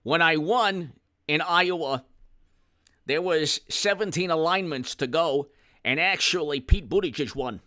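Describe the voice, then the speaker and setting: Guy doing a cranky old senator bit, sarcastic and hectoring, bright pushy tone. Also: on the high side, unhurried. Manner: hectoring, sarcastic, stumbling emphatic speech. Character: impression of an elderly male senator, indignant. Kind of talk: comedic impression.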